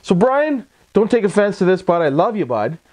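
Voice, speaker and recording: With a high voice that swings widely in pitch, he talks at normal speed, sounding a little mellow. The Canadian vlogger narrates casually on a voice-over mic, his accent clear, rambling in a folksy manner full of catchphrases and tag questions.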